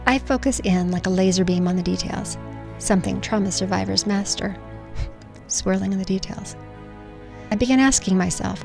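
A woman's voice: medium pitch, moderate pace, gravelly, a little mellow, faint music behind. A middle-aged woman reading her own personal story aloud in an earnest, emotional way. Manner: emotional, earnest storytelling with spoken sound effects. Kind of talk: personal memoir narration.

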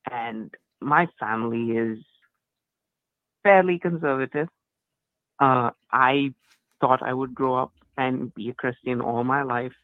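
A man's voice: mid-range voice, dry recording. A man calling in to a show, nervous and stammering as he explains his background. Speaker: caller. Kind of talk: casual call-in chat. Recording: tinny phone line.

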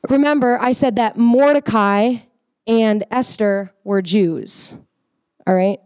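A woman teaching children a Bible story in a casual, animated way, often checking in with her listeners. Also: on the high side, slow, smooth, no room sound, studio quality. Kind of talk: animated storytelling lesson for kids.

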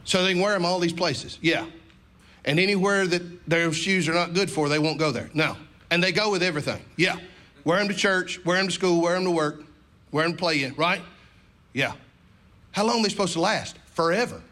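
A man preaching an animated storytelling sermon in a church, calling for responses. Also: high-pitched, fairly quick. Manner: animated, repetitive, call-and-response.

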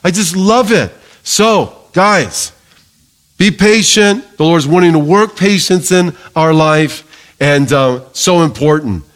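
A middle-aged male pastor preaching a sermon in a lively, joking way, calling for amens from the congregation. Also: on the high side, takes it slowly.

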